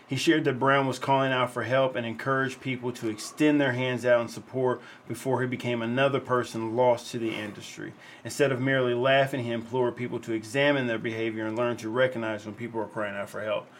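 A man's voice: medium pitch, brisk, hardly any pauses, a little hiss or hum. A man co-hosting a podcast, reading a story and then giving his own earnest commentary in casual talk. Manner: earnest commentary, relaxed, loose. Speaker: podcast co-host. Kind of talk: casual chat, reading a news segment.

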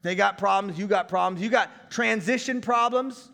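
A male pastor in his thirties preaching a conversational sermon, breaking into shouts now and then. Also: high voice, moderate pace, vocal fry, long reverb tail.

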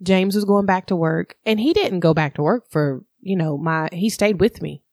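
A woman's voice: on the low side, moderate pace, no room sound, studio quality. Chatty woman telling a candid story. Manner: candid, animated storytelling with laughs. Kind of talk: casual chat.

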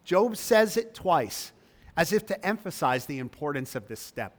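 A man's voice: a little high, big pitch swings, moderate pace. Man preaching in an echoing hall. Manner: emphatic preaching, rising when reading scripture. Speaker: pastor. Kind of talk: sermon. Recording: long reverb of a large hall.

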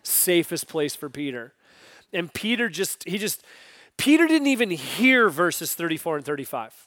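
A male pastor preaching with a high voice, animated and expressive. He acts out scripture quotes and moves between loud emphasis and hushed asides. The recording is dry and close. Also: moderate pace, dry recording. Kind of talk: sermon.

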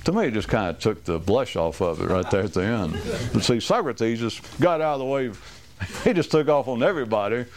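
A man's voice: mid-range voice, expressive, a little fast, crowd noise. A man giving a rambling, wry talk to a small group, restarting sentences and acting out quoted voices.

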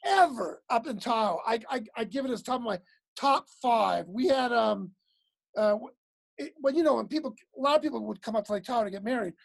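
High-voiced animated woman comic. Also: a little fast, creaky. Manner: animated, acts out voices with laughter. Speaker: comedian. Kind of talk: casual chat, telling stage stories.

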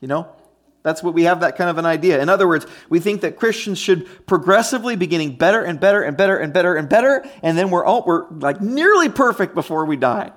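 A man's voice: fairly high pitch, fairly bright tone. A man preaching a conversational teaching sermon, emphatic and often checking in with his listeners. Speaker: pastor.

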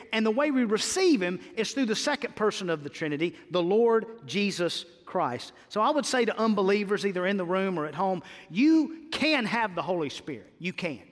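High-voiced man preaching in a reverberant hall. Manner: swells to loud exclamations, repeats phrases. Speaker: pastor. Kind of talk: sermon. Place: church sanctuary.

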